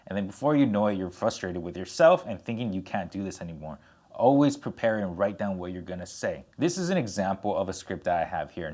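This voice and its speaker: A young man speaks straight to the camera as a coach, his voice sitting a little low. He stays energetic throughout, punching key words and moving his hands as he talks. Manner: energetic, gestures with hands while talking; animated, plays with his tone for emphasis. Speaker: content coach. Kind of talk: direct-to-camera tutorial.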